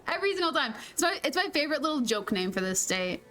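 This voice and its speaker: High-voiced chatty woman streamer. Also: big pitch swings, brisk, fairly bright tone, soft background music. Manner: chatty, laughs often, playful mild cursing. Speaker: game streamer. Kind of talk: casual gameplay chat.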